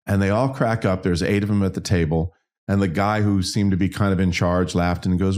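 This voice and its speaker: Deep-voiced man telling his story. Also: a little fast. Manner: frank, self-deprecating, animated storyteller. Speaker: interview guest, singer-songwriter and business owner. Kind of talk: candid personal storytelling.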